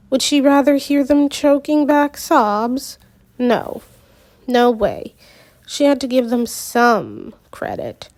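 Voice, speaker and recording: Slow-reading woman narrator. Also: on the high side, a little mellow. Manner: unhurried, with small slips and asides. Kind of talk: reading a novel aloud.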